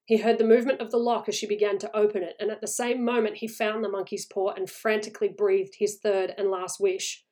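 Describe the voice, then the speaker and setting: A woman reading a horror short story aloud in a measured, suspenseful way. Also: mid-range voice, level tone, dark tone.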